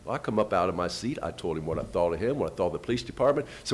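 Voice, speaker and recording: A man giving a first-person storytelling talk, retelling events with quoted dialogue and lively shifts in pitch and loudness. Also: rapid-fire. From United States. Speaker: invited speaker.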